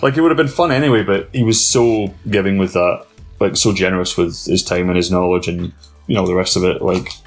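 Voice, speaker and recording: A man, a wrestler, telling stories in a casual interview, laughing often and jumping up in pitch. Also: fairly quick, soft background music. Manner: animated storyteller, laughs often, voice jumps high. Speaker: wrestler guest.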